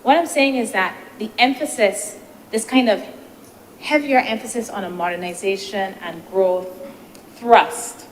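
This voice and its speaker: A woman senator giving a measured, deliberative parliamentary speech, posing rhetorical questions, into a desk microphone in a legislative chamber. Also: mid-range voice. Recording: reverberant chamber with faint noise.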